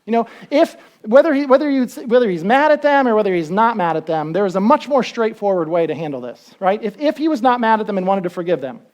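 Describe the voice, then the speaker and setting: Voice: medium pitch, fast, hardly any pauses, lo-fi sound. A pastor giving a sermon in a conversational way, asking the listeners questions and acting out the story as it goes. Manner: animated storytelling, acts out quotes.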